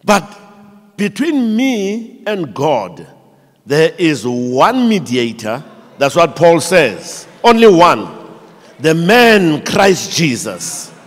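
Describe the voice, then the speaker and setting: A man's voice: fairly high pitch, drawn-out words. A man with a South African accent, a pastor preaching a sermon and acting out the people in his stories. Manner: animated storytelling preacher, acting out quoted voices. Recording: long reverb of a large church hall.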